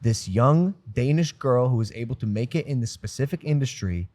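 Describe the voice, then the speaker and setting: A man hosting a podcast in casual chat, excitable and hyping, laughing often and swearing. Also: medium pitch, moderate pace, dry recording. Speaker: podcast host. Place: podcast studio in Miami.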